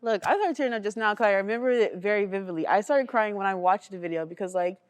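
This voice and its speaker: A woman's voice: mid-range voice, quick pace. A young woman student on a panel, speaking emotionally and saying "like" a lot. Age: young adult. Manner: emotional, repeats "like" often. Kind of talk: casual panel discussion.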